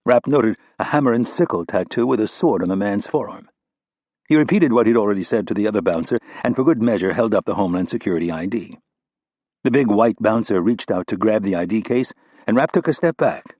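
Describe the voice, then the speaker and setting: Low, husky male audiobook narrator. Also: expressive, a little fast, darkish tone, no room sound. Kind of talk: scripted narration.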